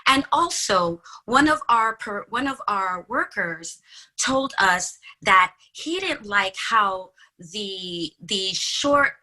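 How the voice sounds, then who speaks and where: A woman's voice: medium pitch, slow pace, rough recording. A woman guest in a podcast interview, telling a story conversationally and acting out the dialogue she quotes. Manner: animated, acts out quoted dialogue.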